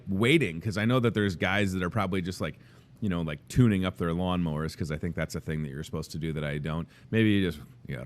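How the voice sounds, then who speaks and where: Low-voiced joking male host. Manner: jokey, rambling, self-deprecating. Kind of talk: casual chat. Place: grocery store café.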